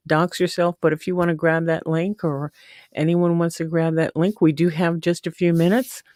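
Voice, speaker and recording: A woman's voice: fairly low pitch, darkish tone, dry recording, clean studio sound. A woman hosting a casual live stream, chatting affectionately and greeting viewers by name. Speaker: livestream host. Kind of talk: casual livestream chat.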